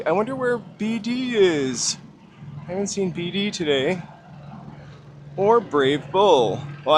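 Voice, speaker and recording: A man hosting a casual walking livestream outdoors, chatting in a rambling, self-deprecating way. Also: fairly high pitch. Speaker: livestream host. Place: outdoors on a busy city street. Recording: outdoor street noise clearly audible. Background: street ambience and passing traffic.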